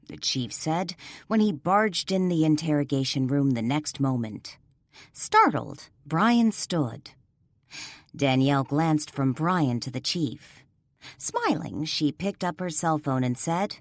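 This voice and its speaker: Low-voiced woman audiobook narrator. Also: very animated, slow, no echo, studio quality. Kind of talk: scripted narration.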